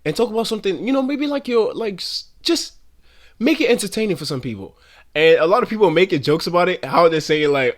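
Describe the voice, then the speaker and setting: Young male commentator, rambling slangy rant, voice sits a bit high. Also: expressive, quick pace, fairly bright tone. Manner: slangy, rambling, swears freely.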